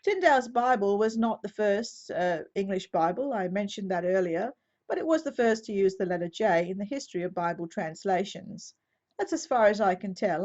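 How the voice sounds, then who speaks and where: Woman giving a measured teaching talk. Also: medium pitch, a little mellow. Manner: measured, methodical explaining with occasional self-corrections. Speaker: Bible teacher. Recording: slightly dull lo-fi recording.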